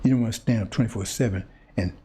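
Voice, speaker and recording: With a lowish, mellow voice and a quick pace, a male preacher fires off a confrontational monologue at his audience over a little hiss or hum. He keeps repeating phrases and stammers, restarting whenever he searches for a word.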